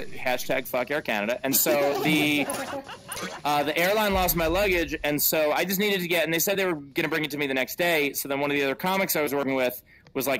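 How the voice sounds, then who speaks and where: A man's voice: fairly high pitch, a bit bright. A man, a stand-up comedian hosting a show from home, bantering casually and profanely into a headset mic. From United States. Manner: profane, self-mocking, quick asides. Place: at home, in a virtual-reality venue.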